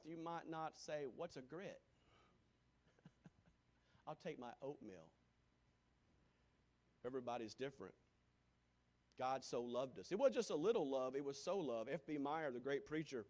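A man preaching a sermon, folksy and repetitive, rising to loud calls and dropping to near-whispers. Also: mid-range voice, expressive, a little slow, pauses often. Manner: folksy, repeats lines for emphasis. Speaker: pastor.

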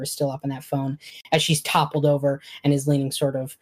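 A woman's voice: rumbling low, level tone, brisk, a little mellow. A woman narrating as game master, loose and hesitant with many fillers.

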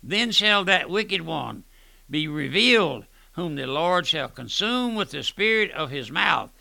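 An older man preaching a fervent radio sermon, often repeating "my friend" and swinging between loud and soft. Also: a little high, big pitch swings, measured pace, creaky, dry recording.

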